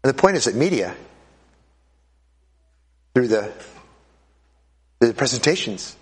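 Speaking slowly in a mid-range voice, a man delivers a classroom lecture to an audience, repeating points as he conducts a live demonstration and performs voices. His delivery is animated and insistent.

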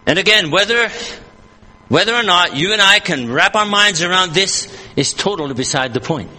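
A man's voice: high voice, expressive, moderate pace, bright, forceful tone, long reverb tail. A man preaching a sermon at an evening church service, earnest and emphatic, repeating and rephrasing his points as he reads scripture aloud.

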